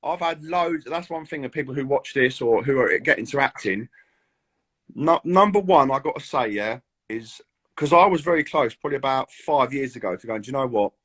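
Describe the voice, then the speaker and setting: A British man in his thirties chatting as an actor guest in an interview, animated and full of acted-out quotes. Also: mid-range voice, a little fast, husky. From Britain. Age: 30s. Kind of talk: casual interview chat.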